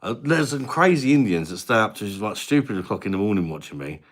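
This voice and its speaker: Deep-voiced bloke chatting on a livestream. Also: male voice, lively intonation, fast. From England. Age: 30s. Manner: chatty, matey, reads viewer names aloud. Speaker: livestream host. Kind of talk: casual live-stream chat reading comments. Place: at his mum's house, indoors.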